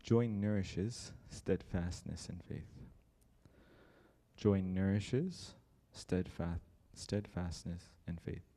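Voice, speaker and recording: A man's voice: low voice, slow. A young man telling a story in a church talk, acting out the people he quotes. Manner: lively storyteller who acts out the people in the story. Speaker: church speaker.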